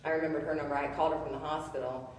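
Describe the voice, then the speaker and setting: A woman in her thirties giving a personal testimony, earnest and halting, full of fillers and restarts. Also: sits low, level tone, slight background noise. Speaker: testimony speaker. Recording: echoey room, voice from a distance.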